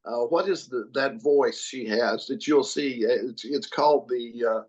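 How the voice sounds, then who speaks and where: A man's voice: mid-range voice, unhurried, darkish tone, highs cut off. A man who is a returning podcast guest, ranting about politics with emphatic repetition and plenty of cursing. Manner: emphatic and profane, repeats phrases for force. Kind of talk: casual political chat.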